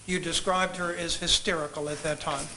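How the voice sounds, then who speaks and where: A man examining a witness in a courtroom, asking measured, polite, leading questions. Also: on the high side, steady tone, bright, forceful tone, a little hiss or hum, rough recording. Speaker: trial attorney questioning a witness.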